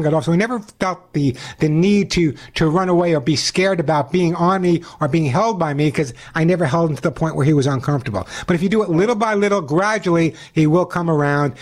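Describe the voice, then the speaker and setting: Chatty high-voiced male radio host. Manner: chatty, quick, explaining with repeated restarts. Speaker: radio pet show host. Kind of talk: call-in radio advice.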